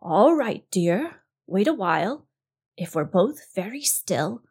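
A huge, slow-witted crocodile , put on by a woman reading a storybook, speaks in a coaxing, honeyed tone. He is a scheming male beast who works at sounding friendly. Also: medium pitch, very animated, darkish tone, breathy edge, heavily acted. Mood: fatherly. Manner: sweet-talking, coaxing.

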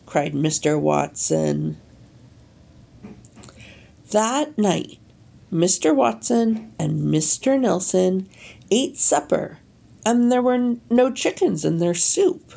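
Woman, storybook read-aloud, very slow, lively swooping pitch, gravelly edges. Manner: animated, slow and deliberate, leaning into sound effects. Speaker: storybook reader.

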